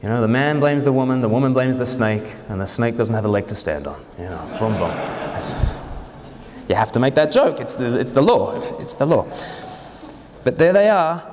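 A man's voice: medium pitch, big pitch swings, moderate pace, darkish tone, in a large hall. A man preaching a sermon, joking and putting questions to his congregation.

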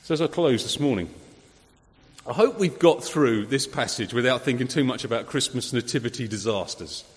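A man preaching a sermon, conversational and lively, full of rhetorical questions. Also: mid-range voice, moderate pace. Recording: long hall reverb.

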